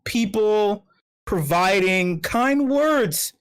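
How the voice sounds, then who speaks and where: A man's voice: sits high, animated, drawn-out words, smooth. A man hosting an online meetup, rambling through profane comic rants full of restarts and repeated words. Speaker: meetup host. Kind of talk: casual livestream chat.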